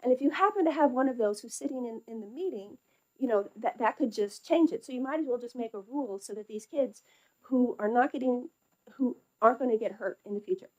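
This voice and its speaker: Mellow-voiced woman testifying with many fillers. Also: fairly high pitch, fairly quick, rough recording. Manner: hesitant, loose, many fillers and restarts. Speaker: public witness at a legislative hearing. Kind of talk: spontaneous testimony.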